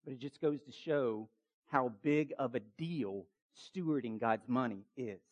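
A man preaching a sermon as pastor, urgent and emphatic, with quick asides to the congregation. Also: medium pitch.

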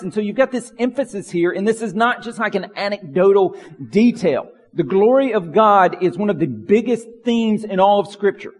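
Guy preaching, kinda high voice, husky, big echoey church. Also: lively intonation, moderate pace, a little mellow. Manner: earnest preaching, builds in intensity through long lists. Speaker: pastor. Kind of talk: sermon. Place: church sanctuary.

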